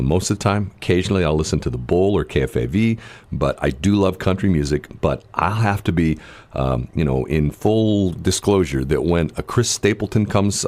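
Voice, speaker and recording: A man's voice: low-pitched, a little mellow. A man co-hosting a morning radio show in casual banter, rambling with many fillers and restarts, speaking into a studio microphone.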